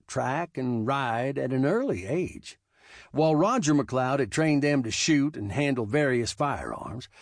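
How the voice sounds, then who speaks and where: A man narrating a western novel as an audiobook, with expressive storytelling. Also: mid-range voice, no echo, studio quality.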